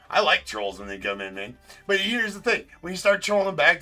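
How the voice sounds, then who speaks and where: Guy running a card break stream, bright forceful voice, rambling and teasing, little music behind. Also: sits high, very animated, moderate pace, pauses often. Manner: teasing, rambling, with frequent laughs and filler words. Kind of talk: casual live-stream banter.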